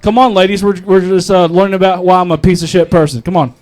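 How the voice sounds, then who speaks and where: This young stand-up comedian from North Carolina has a voice that sits high, with fairly even intonation, a quick pace, and a slightly mellow quality. At an open mic comedy club, he gives a rambling, profane, self-mocking set, often laughing at his own jokes.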